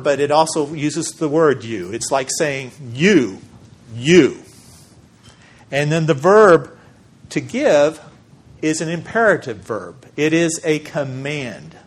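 A man preaching a sermon as pastor, measured and emphatic, with deliberate pauses for weight. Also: a little high, breathy edge.

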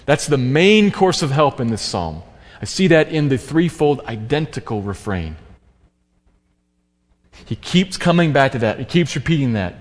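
A man preaching a sermon in an earnest, emphatic way, slowing down to stress key phrases. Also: mid-range voice, big pitch swings. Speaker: pastor. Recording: long hall reverb.

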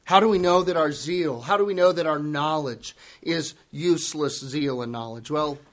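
A man's voice: a little high, moderate pace. A man preaching a sermon, earnest and emphatic, repeating key words for weight.

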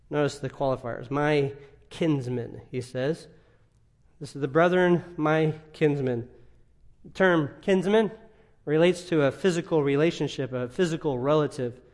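A man with a somewhat high voice delivers an expository sermon. He asks rhetorical questions and swings between loud emphatic stretches and quiet asides. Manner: emphatic, rising and dropping in volume, rhetorical questions. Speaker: pastor.

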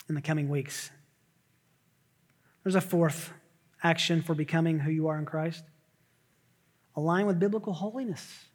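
Emphatic high-voiced preacher in an echoing hall. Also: male voice. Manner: emphatic preaching, swings from loud repeated shouts to hushed near-whispers. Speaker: pastor. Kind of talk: sermon.

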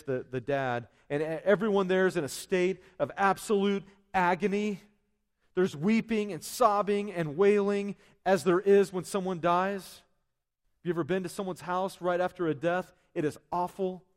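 A male pastor preaching a sermon in a conversational way, full of asides and restarts. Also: high voice. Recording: long hall reverb.

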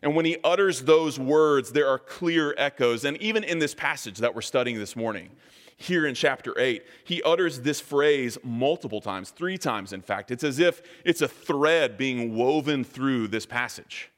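Male preacher, mid-pitched, deliberate sermon delivery, long church-hall reverb. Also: expressive. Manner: measured, deliberate, slowing on key phrases. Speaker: pastor.

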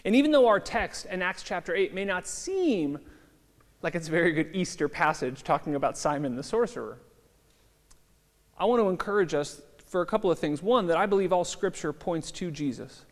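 Pastor, 30s, slightly higher voice, chatty sermon style, long reverb. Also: male voice, animated, moderate pace. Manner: conversational storytelling with fillers. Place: church hall.

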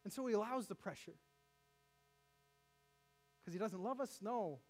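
Man, pastor, sermon, very high voice, animated, joking asides, church. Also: measured pace. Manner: animated preaching with jokes and asides to the congregation.

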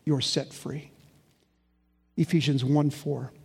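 A man preaching a sermon, telling stories with animated swings between loud and hushed delivery. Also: fairly high pitch, slow, gravelly, breathy edge. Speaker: pastor. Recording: long hall reverb.

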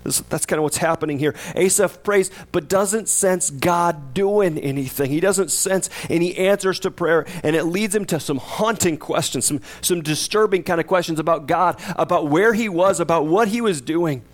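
A male pastor delivers a sermon in a conversational way, with a voice pitched a little high for a man. He keeps turning to his listeners with questions. When he voices the psalmist, his words build in intensity. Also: normal speed, few pauses. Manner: conversational, asks the congregation questions; acts out the psalmist's voice with rising intensity.

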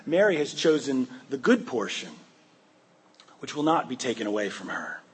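A man voicing Jesus as a gentle, calm male teacher who speaks softly and slowly. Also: medium pitch, slight background noise, lightly acted. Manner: soft, slow and gentle.

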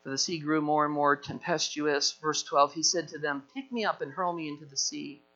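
High, bright-voiced man preaching. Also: moderate pace, dull audio. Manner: animated preaching, acting out quoted voices. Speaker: pastor. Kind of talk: sermon.

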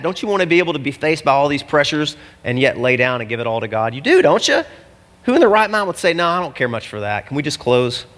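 A man preaching a sermon as a pastor, animated and jokey, acting out the people in the story. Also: on the high side. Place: church. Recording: long hall reverb.

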